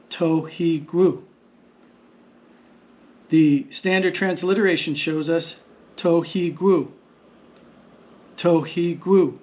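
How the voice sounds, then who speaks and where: Slow, patient male language teacher. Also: on the high side. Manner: patient, repeats words slowly and deliberately. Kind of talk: slow explanatory lesson narration.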